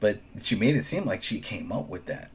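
Man, very deep voice, animated casual recap, faint background hiss. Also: normal speed. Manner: animated, acts out quotes in high voices. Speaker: show reviewer. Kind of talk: casual podcast discussion.

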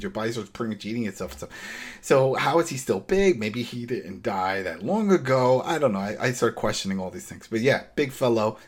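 A man's voice: on the low side, husky. A man in casual chat, animatedly recapping a show episode and acting out the characters' lines. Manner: animated retelling, acts out quotes.

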